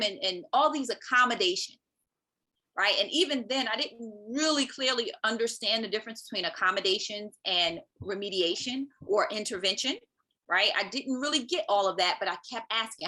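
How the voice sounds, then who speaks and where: A woman guest on a podcast, telling a personal story in a lively way and checking in with the listener with "right?". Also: medium pitch, normal speed. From Maryland, US. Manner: animated, acts out quoted speech, often adds "right?". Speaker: podcast guest, parent advocate.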